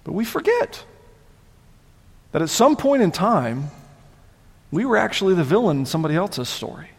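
A man preaching a sermon as pastor, conversational and animated, often repeating words as he goes. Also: sits high, moderate pace, creaky, breathy edge, in a large hall.

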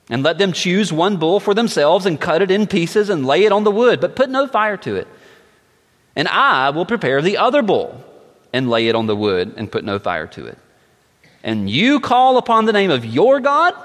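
A man voicing a bold, scornful male prophet, declaiming his words forcefully in a raised voice. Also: high-pitched, big pitch swings, normal speed, voice pushed up. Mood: commanding. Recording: long echoing reverb.

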